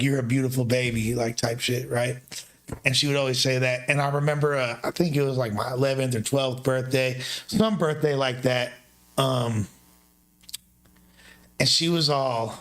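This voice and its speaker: A man hosting a casual chat, talking loose and slangy with plenty of rough language. His voice sits at an ordinary pitch. He jumps it up high now and then to make a point. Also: fairly bright tone. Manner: loose slang-heavy banter, swings pitch up for emphasis. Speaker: streamer host.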